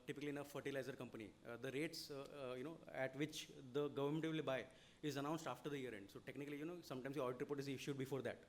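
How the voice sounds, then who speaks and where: At a seminar, a lecturer on audit reporting, a man with an Indian English accent, speaks at a very fast clip in a middle-pitched voice. He keeps explaining without pause, using "you know" often and checking in with "okay?".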